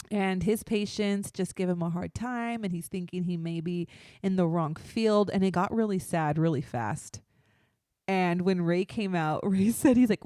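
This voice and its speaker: A woman's voice: mid-range voice, a little mellow, no echo, studio quality. A woman co-hosting a podcast, chatting casually, laughing often and swearing freely as she tells stories. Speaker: podcast co-host. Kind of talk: casual chat.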